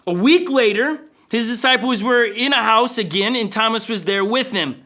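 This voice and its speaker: A male pastor preaching a sermon in an animated storytelling manner. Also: very high-pitched, normal speed, hardly any pauses. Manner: animated, storytelling with acted voices.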